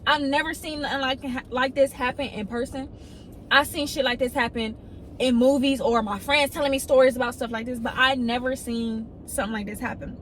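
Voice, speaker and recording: A woman's voice: brisk, slight background noise, low-quality recording. A young woman, telling a story casually and acting out the people in it. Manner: animated storytelling, quoting others in excited high voices.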